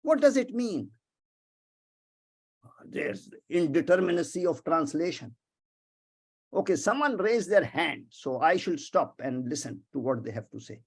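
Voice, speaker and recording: Emphatic high-voiced man lecturing. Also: unhurried, long pauses, husky. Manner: emphatic, animated, digressive. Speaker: professor giving a guest lecture. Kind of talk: webinar lecture.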